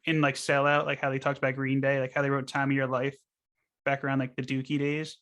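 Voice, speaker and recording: A man's voice: medium pitch, monotone, fast, a bit bright. A man co-hosting a podcast in casual chat, leaning on filler words. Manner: filler-heavy, uses "like" a lot. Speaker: podcast co-host.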